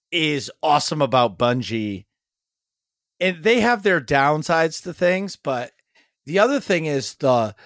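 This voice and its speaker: A man in his thirties co-hosts a casual podcast, rambling along with enthusiasm and dropping quick jokes. His voice sits a little high for a man. The sound is dry and close, with no room echo. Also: a bit bright. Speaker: podcast co-host. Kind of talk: casual chat.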